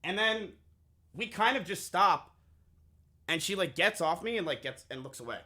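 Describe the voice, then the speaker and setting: A man talks straight to his live chat, spinning a crude, candid story and repeating lines for effect. His voice sits a little high and sounds bright and forceful. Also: animated, normal speed. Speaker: streamer.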